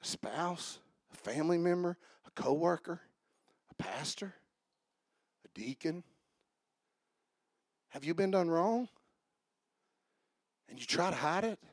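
High-pitched preacher guy, shouts then goes quiet, call and response, dry close sound. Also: lively intonation, takes it slowly, pauses often, no room sound. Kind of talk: sermon. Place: church service.

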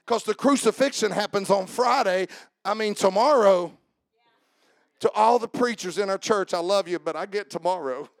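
A man preaching a sermon as a pastor, building from casual asides into shouted, rhythmic climaxes. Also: high-pitched, normal speed, no room sound.

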